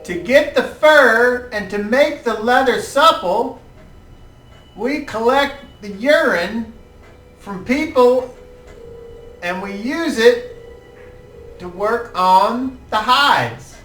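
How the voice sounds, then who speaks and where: A man's voice: very high-pitched, lively intonation, slow pace, long pauses, fairly bright tone, pitched above the performer's own voice, heavily acted. A man voicing a meek, stammering old male tanner who asks for odd favors. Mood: wheedling. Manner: pleading, stammering, easily frightened. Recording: roomy, distant mic, faint music.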